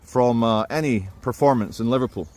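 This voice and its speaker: A man's voice: medium pitch, a little fast, darkish tone. A man giving casual commentary to camera, rambling with many fillers and restarts and slipping in dry, offhand asides. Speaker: vlogger.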